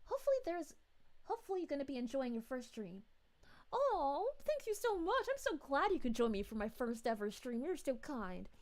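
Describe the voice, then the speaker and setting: A woman's voice: sits high, darkish tone. A woman voicing a cheerful, gushing female city mayor in an in-character livestream, bubbly, giggly and sweetly polite. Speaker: VTuber streamer.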